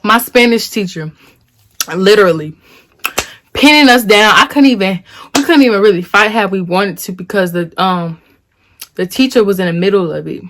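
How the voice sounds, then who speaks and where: A woman in her twenties tells a dramatic story straight to her viewers. She talks in a casual, animated way and uses a lot of slang. Her voice sits in a middle range. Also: mid-range voice, normal speed, pauses often, a little hiss or hum. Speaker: vlogger.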